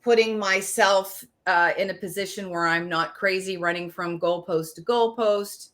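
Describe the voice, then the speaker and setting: A woman in her forties co-hosting a podcast, telling a story in a casual, animated way, full of fillers and restarts. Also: medium pitch, moderate pace. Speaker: podcast co-host. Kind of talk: casual chat.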